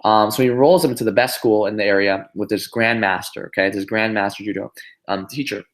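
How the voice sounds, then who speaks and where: A man giving a motivational business talk on a group call, telling a story in an animated way with lots of "you know" and "right?". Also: on the low side, a little fast. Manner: animated storyteller, many fillers and tag questions. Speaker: business trainer.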